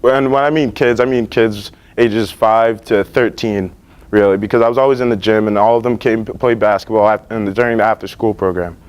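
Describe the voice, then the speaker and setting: A man's voice: lowish voice, fairly quick, smooth. Young man giving a class presentation. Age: teens. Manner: relaxed and earnest, with many fillers and restarts. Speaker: student presenter. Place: school library.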